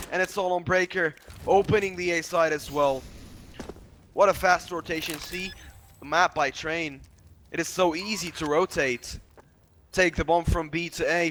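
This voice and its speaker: Excitable male esports play-by-play caster. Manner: excitable, rising pitch on big plays. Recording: noisy stream with game gunfire behind. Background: game sounds, gunfire.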